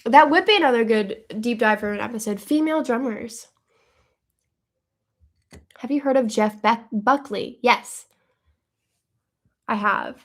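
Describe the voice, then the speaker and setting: A woman hosting a live stream, chatting casually and thinking out loud as she answers viewer questions. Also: on the high side, a little slow, long pauses. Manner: chatty and upbeat, thinking aloud.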